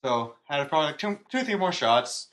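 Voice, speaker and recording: A man's voice: a little high, big pitch swings, brisk, fairly bright tone. A young man co-hosting a podcast, telling a story in casual, rambling chat and laughing at himself. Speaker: podcast co-host.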